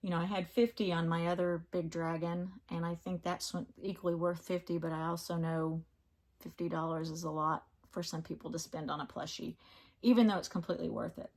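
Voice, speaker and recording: A woman's voice: fairly low pitch, fairly even intonation, fairly quick. Chatty woman showing off her crochet. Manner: chatty, rambling, fond of her crafts. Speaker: crafting vlogger. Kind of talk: casual chat. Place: home crafting room.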